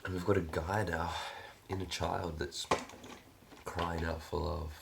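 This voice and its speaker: A man's voice: sits low, flat delivery, measured pace, creaky, heavy background noise. A man talking casually in a reflective self-help vlog, earnest and coaching, swearing freely.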